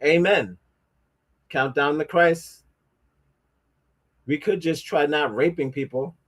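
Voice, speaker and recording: Speaking slowly in a slightly high, somewhat bright voice, a livestreamer offers casual commentary. He reads things aloud with plenty of stumbles and rambling, mixing in sarcastic jabs.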